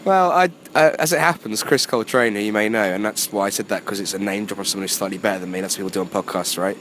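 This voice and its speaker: A hoarse man, a comedy MC, talking in a joking, self-deprecating, rambling way. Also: sits low, flat delivery, very fast, fairly bright tone, slight background noise. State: hoarse, voice just returning. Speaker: comedy club MC and stand-up. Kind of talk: casual chat. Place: near a train line at night.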